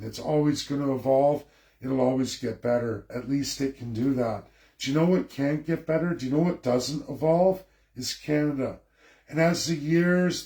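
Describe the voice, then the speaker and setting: A man's voice: mid-range voice, a little mellow. A man in a mid-range voice rants about politics to his viewers. He lectures and scolds and hammers his points home with repetition. His voice bounces around an echoey room. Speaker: political commentator. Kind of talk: ranting political livestream.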